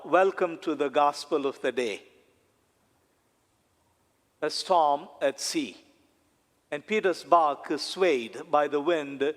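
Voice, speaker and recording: A man, a priest, preaching a sermon slowly and deliberately, with dramatic pauses and repetition. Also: a little high. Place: church. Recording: long church reverb.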